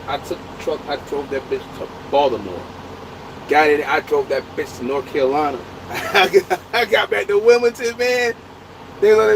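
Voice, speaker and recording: A truck driver telling a story in casual, profane, laughing talk. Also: male voice, on the high side, moderate pace, vocal fry, noisy background. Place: inside a truck.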